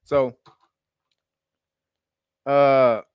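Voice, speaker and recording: A man hosting a casual commentary show, rambling and profane, who corrects himself often and breaks into loud laughter. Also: mid-range voice, little pitch movement, extremely slow, smooth, no echo, muffled recording. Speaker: show host.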